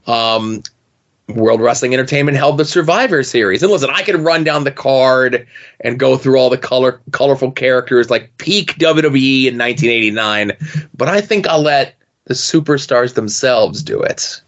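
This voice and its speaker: A man's voice: medium pitch, normal speed, a bit bright. A man hosts a podcast in casual conversation, dropping wry, joking asides as he goes. His voice sits in a middle register, and the audio is a little dull and lo-fi. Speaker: podcast host. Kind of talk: casual chat.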